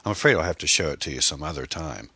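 A man voicing a charming, secretive man who talks smoothly and evades questions in an audiobook. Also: rumbling low, lively intonation, fast talker, pushed and bright, no room sound, exaggerated voice. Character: charming, secretive man showing off his house.

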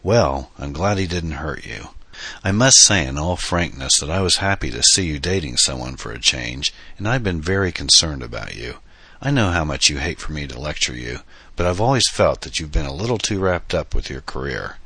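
A man's voice: rumbling low, expressive, moderate pace, bright, forceful tone, slightly rough, no echo, heavily acted. A man voicing a genial older uncle in an audiobook, speaking fondly and teasingly to his niece. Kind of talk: audiobook dialogue.

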